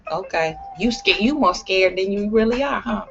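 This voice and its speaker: A woman's voice: mid-range voice, expressive, moderate pace, creaky, highs cut off, slight background noise. A woman talking straight to camera in a blunt, profane, emphatic rant. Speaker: vlogger. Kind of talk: ranting vlog monologue.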